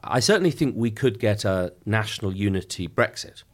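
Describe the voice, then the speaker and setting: A middle-aged man, a member of Parliament, giving a measured, emphatic political interview with frequent restarts. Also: fairly low pitch, lively intonation.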